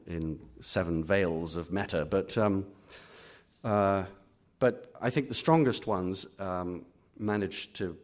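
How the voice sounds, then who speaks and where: A middle-aged Englishman, a literary critic answering audience questions at a live reading, full of pauses and restarts. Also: deep voice. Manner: hesitant, many fillers and restarts. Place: auditorium.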